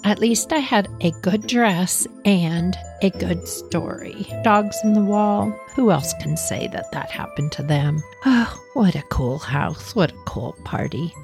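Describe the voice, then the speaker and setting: A woman hosting a podcast, telling a personal childhood story in an animated way and acting out her younger self. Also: lowish voice, a little slow, creaky, hardly any pauses, faint music behind. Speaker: podcast host.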